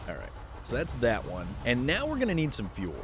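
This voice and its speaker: A man's voice: medium pitch, huge pitch swings, fairly quick, noisy background. A man live-streaming a game, chatting loosely with viewers, joking and reading out the chat. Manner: rambling, jokey, reads chat aloud.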